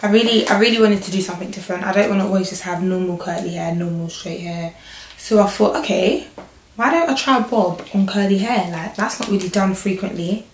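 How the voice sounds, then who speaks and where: Young girl with a croaky hoarse voice, chatty and jokey, talking to herself a lot, echoey room with a bit of background noise. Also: mid-range voice, a little fast. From England. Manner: chatty, joking, self-talk asides. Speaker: hair vlogger. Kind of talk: casual chat while styling a wig.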